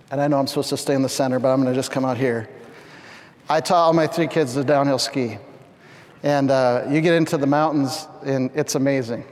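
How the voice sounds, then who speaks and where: A middle-aged man from Canada preaching a storytelling sermon, animated and acting out scenes with sudden loud shouts. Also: medium pitch. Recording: long hall reverb.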